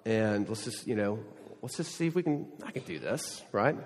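A pastor giving a sermon, telling a rambling personal story full of restarts and self-deprecating asides. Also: male voice, fairly low pitch, lively intonation, moderate pace, a little mellow. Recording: long hall reverb.

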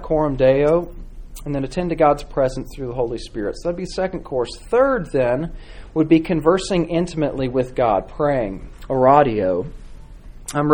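A man teaching a church class on devotional reading, speaking with frequent pauses, fillers and restarts. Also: a little high. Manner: halting, many fillers and restarts, warm encouraging replies. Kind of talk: Sunday school class teaching.

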